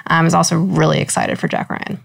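A woman's voice: low-pitched, steady tone, a little fast, gravelly. Upbeat woman co-hosting a podcast. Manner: upbeat, brief answers, giggly. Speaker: podcast co-host. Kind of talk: casual podcast chat.

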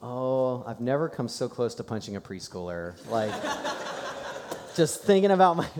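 A man's voice: medium pitch, very animated, normal speed, in a large hall, crowd noise. A man preaching a sermon in a church, telling a personal story in a conversational way. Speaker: pastor. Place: church sanctuary.

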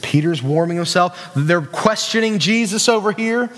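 A West Virginian man preaching in a church hall, his voice high and carrying a long reverb. He talks in a loose, conversational way, restarting sentences and tossing asides to the room. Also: expressive, moderate pace, a bit bright, a little hiss or hum. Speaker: youth pastor. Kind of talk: sermon.

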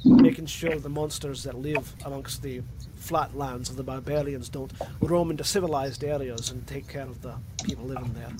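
A man's voice: medium pitch, steady tone, moderate pace, very noisy, pitched below the performer's own voice, lightly acted. A man voicing a stern male dwarf blood hunter with a Scottish accent that slips toward Russian. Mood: grim. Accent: Scottish drifting into Russian.

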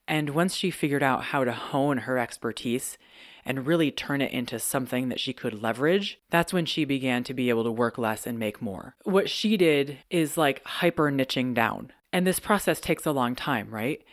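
Brief: candid, chatty solo podcast host, mid-pitched voice, close and dry. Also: no room sound. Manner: chatty and candid, laughs often.

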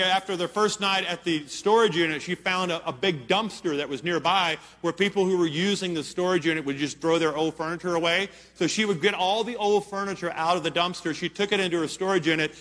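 A man's voice: high voice, a bit bright. A man preaching a sermon, telling a story in an earnest, emphatic way and checking in with his listeners. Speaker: pastor. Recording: long hall reverb.

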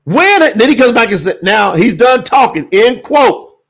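A man teaching scripture on a livestream, preacherly and animated, bursting into shouts. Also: very high voice, unhurried. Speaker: Bible teacher and livestream host.

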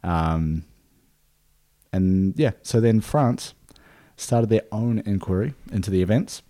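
A man with a low voice hosting a casual history podcast, working through his notes in a relaxed way. He fills pauses with "uh" and "um" and laughs easily. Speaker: podcast host.

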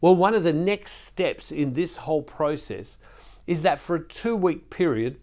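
Pitched fairly high with a darkish tone, a Catholic preacher speaks at a measured pace with lively intonation. His devotional sermon is earnest and pleading, full of repeated words and occasionally emotional.

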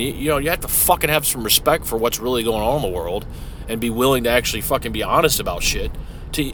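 A man's voice: mid-range voice, pushed and bright, a little hiss or hum. A middle-aged man hosting a solo podcast from his vehicle, talking casually and profanely with frequent restarts. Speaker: podcast host. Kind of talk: rambling solo podcast monologue. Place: inside a parked vehicle.

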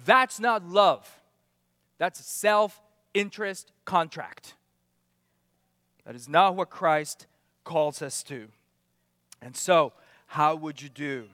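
A man with a high, ringing voice delivers a sermon, pressing his points with questions and sudden drops to near-quiet. The close sound has a long hall reverb trailing behind it. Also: animated, slow, pauses often. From outside America. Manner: emphatic, rising and falling, rhetorical questions. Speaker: pastor.

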